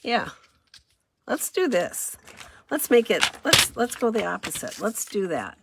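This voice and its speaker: A woman's voice: a little high, big pitch swings, unhurried, gravelly, very noisy. A woman running a casual crafting demo, chatty and self-deprecating, thinking aloud as she works. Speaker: craft demonstrator.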